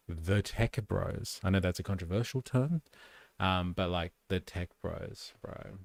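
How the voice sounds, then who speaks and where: A man rants through a casual livestream, sarcastic and quick to swear. His voice sits fairly low with a gravelly edge. The sound is dry and close. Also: a little mellow, no room sound. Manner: sarcastic, profane, opinionated. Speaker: streamer and commentator.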